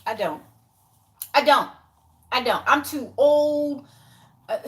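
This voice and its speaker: A woman in her forties talks straight to camera in a casual commentary vlog, sounding exasperated and sarcastic. Her voice sits high and she speaks slowly, drawing out her points. Now and then she drops into quiet, muttered asides. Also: lively intonation, a little hiss or hum. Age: 40s. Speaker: YouTube commentator.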